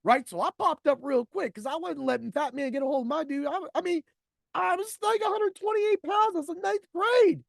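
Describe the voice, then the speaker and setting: A man's voice: very high voice, brisk, creaky, no room sound, studio quality. A man in his forties hosting a podcast, telling a personal story in a blunt, profane way and acting out other people's lines. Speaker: podcast host.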